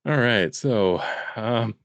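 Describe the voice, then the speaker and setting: A man's voice: mid-range voice, animated, takes it slowly, gravelly, no echo. A man co-hosting a casual podcast, hesitant and laughing, with many ums. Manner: hesitant, laughing, full of fillers. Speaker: podcast co-host.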